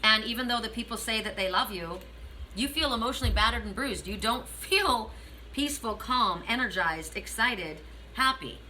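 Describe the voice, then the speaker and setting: Reading oracle cards to viewers, this middle-aged woman has a slightly high, expressive voice with a bright, forceful tone and a moderate pace. She talks directly and earnestly to the listener, repeating affirmations. The recording is rough, with a little hiss or hum.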